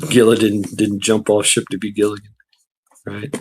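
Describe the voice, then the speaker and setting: A livestream host talks into a computer mic in a lowish, completely flat voice at normal speed, his tone darkish with a little hiss or hum. He rants casually at his chat, blunt and profane, laughing often and reading out viewer names.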